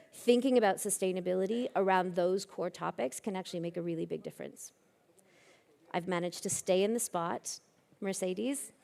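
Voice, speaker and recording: Speaking in a lowish voice with a dark tone, a woman gives a keynote conference talk, telling anecdotes and poking fun at herself. A hall's long reverb lingers in the recording.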